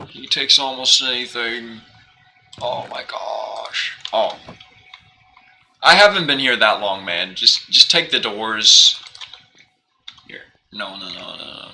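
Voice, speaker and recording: Bright-voiced rambling young male streamer. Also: mid-range voice, takes it slowly, long pauses, slight background noise, low-quality recording. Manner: rambling, self-questioning, animated, laughs often. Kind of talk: casual live-stream chat while gaming.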